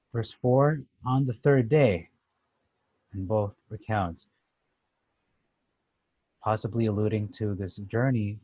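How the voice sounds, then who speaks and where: Guy going through bible verses, lowish voice, kinda muffled dry recording, lots of uhs. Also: darkish tone, no echo. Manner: thoughtful, conversational, restarts with "uh". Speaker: Bible teacher. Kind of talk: casual scripture commentary.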